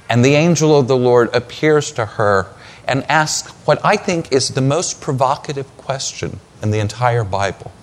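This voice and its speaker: A man preaching a sermon, retelling scripture as a story with dramatic pauses. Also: mid-range voice.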